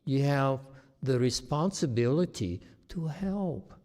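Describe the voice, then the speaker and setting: A meditation teacher whose first language is Chinese gives a slow, plain-spoken dharma talk, frequently checking in with "okay?". His voice is medium-pitched, expressive and a little mellow, with long hall reverb on the recording.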